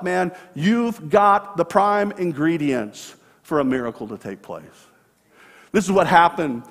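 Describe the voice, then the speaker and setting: A man's voice: high voice, sing-song, unhurried, in a large hall. A man preaching a sermon as pastor, retelling a story earnestly and acting out the quoted voices. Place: church sanctuary.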